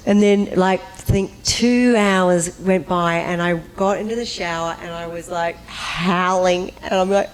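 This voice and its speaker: A woman on a convention panel telling an animated anecdote, acting out voices and breaking into high, laughing squeals. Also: measured pace, few pauses, slight background noise, low-quality recording.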